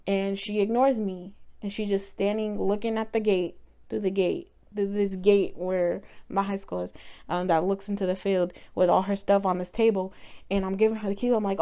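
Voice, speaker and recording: A woman's voice: mid-range voice, flat delivery, a little slow, warm tone, clean tone. A young woman vlogger telling a painful personal story in a candid, emotional way, sometimes swearing.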